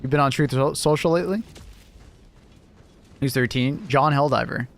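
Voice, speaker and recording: A man's voice: mid-range voice, normal speed. A British man streaming a game, chatting casually with his viewers, laughing often and swearing at the game. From Britain. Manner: laughing, swearing, reacting to chat. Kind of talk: casual livestream chat while gaming.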